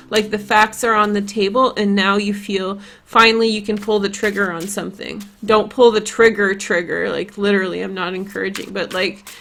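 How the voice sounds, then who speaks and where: Polish-accented woman doing a chill tarot reading, rambly and chatty, mid-pitched voice. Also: gravelly, fairly bright tone. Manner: chatty, rambling, lots of "like" and "you know". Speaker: tarot reader.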